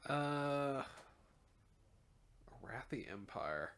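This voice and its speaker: A man's voice: mid-range voice, sing-song, extremely slow, fairly bright tone. A man guesting on a casual podcast, asking curious questions and cracking jokes. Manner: curious, jokey, asks questions. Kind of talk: casual chat.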